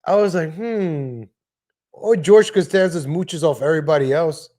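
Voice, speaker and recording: A man's voice: a little high, a little fast, warm tone. Rambling male livestream host. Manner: rambling, frequent restarts and asides. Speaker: live stream host. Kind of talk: casual livestream rant. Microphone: home desk microphone.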